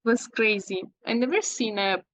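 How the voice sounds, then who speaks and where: A woman from Italy speaking English with an Italian accent, a guest in an interview, talking in halting phrases with fillers and self-corrections. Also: mid-range voice, fairly bright tone, no echo, rough recording. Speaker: guest landscape photographer. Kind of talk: casual interview.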